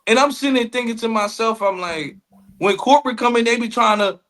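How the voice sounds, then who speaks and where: High-voiced animated man, casual podcast. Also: a little fast. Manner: animated storyteller, acts out quotes, swears freely. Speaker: podcast co-host. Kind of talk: casual comedic chat.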